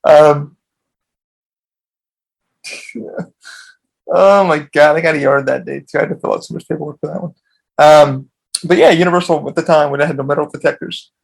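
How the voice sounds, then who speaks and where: A man with a gravelly, creaky voice. He rambles through casual stories, swears freely and often stops to restart a sentence. His voice sits a little high for a man. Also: fairly even intonation, normal speed, pauses often, low-quality recording. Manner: profane, rambling, with frequent restarts. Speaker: podcast host.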